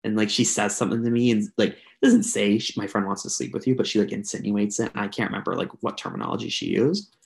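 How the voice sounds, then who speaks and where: Gravelly young man telling a rambling story. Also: lowish voice, animated, quick pace. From Canada. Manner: rambling, filler-heavy, chatty. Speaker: podcast co-host. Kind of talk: casual storytelling among friends.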